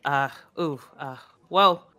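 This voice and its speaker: A man's voice: on the high side, slow pace, pushed and bright. An actor playing a friendly young male stagehand who chats eagerly and casually.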